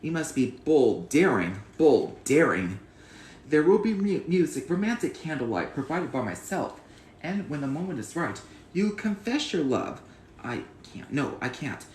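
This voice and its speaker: A man's voice: fairly high pitch, very animated, unhurried, darkish tone, roomy sound, a little hiss or hum. A man reciting memorized film lines and trivia, earnest and proud, at home. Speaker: channel host.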